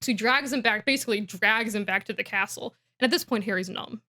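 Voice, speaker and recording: A woman's voice: medium pitch, fast, bright, forceful tone. A woman co-hosting a podcast, casually recapping a book as a rambling storyteller with lots of fillers. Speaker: podcast co-host.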